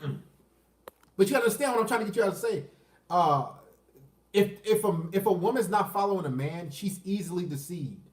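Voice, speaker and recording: A man's voice: high voice, lively intonation, fairly quick, long pauses, recorded from a distance. A man, ranting crudely on a livestream and answering chat questions. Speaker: dating commentary streamer. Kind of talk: unscripted livestream rant. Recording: roomy echo, off the mic.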